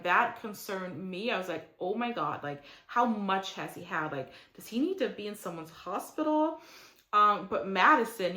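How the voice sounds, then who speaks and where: A woman's voice: medium pitch, sharp tone. A young woman recaps a reality show in casual, opinionated chatter, leaning on "like" and slipping into mocking impressions of the cast. Her voice sits in a middle register. The recording carries a noticeable room echo. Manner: chatty and opinionated, heavy use of "like", mocking quotes in character.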